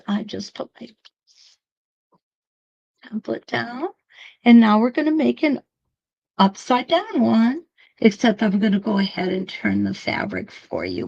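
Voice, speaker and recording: Slow, gravelly-voiced chatty quilting teacher woman. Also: fairly high pitch, a little mellow, lo-fi sound. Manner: chatty, laughs, talks to viewers. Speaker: quilting instructor. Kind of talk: live-streamed quilting demo.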